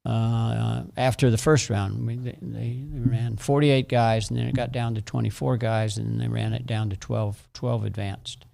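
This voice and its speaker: A middle-aged man with a deeply gravelly, creaky voice speaks as a track coach on a radio show. He talks in a halting way, stopping to repeat words as he explains. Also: little pitch movement, dark tone. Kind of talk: radio interview. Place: radio studio.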